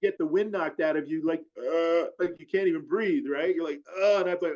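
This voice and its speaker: Guy rambling thru a story in an interview, lots of "like", kinda high voice, muffled sound. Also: moderate pace. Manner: rambling, filler-heavy, animated retelling. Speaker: guest. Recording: dull lo-fi audio.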